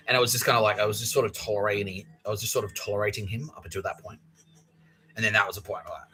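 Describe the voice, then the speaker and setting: A man's voice: on the low side, rapid-fire, pushed and bright, a little hiss or hum, low-quality recording. A man telling a rambling, profane comedic story on his own podcast, mimicking the people in it. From Australia. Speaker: podcast host.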